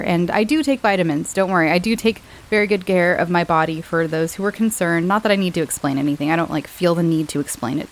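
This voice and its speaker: A woman hosting a podcast, chatting to listeners in a rambling way and laughing often, her voice slightly hoarse from a cold. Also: fairly low pitch, a little hiss or hum, low-quality recording. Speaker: podcast host. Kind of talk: casual chat to listeners.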